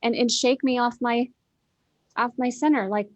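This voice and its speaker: A woman's voice: a little high, fairly even intonation, moderate pace, dry recording, muffled recording. Earnest woman in spiritual talk. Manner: earnest, repeats phrases for emphasis, many "you know"s. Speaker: guest. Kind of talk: heartfelt spiritual conversation.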